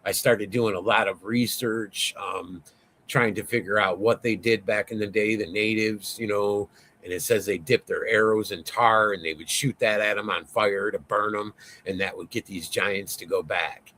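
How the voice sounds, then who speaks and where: A man's voice: fairly low pitch, moderate pace, slight background noise. Rambling, profane man telling a story. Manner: rambling, profane, lots of fillers; excitable, voice rising as he tells it. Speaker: interview guest. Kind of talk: casual interview storytelling.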